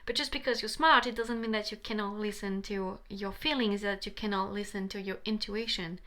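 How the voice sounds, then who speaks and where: A woman's voice: medium pitch, fairly even intonation, brisk, bright, forceful tone. A young adult woman giving a passionate tarot reading to camera, pleading and repeating herself eagerly. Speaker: tarot reader.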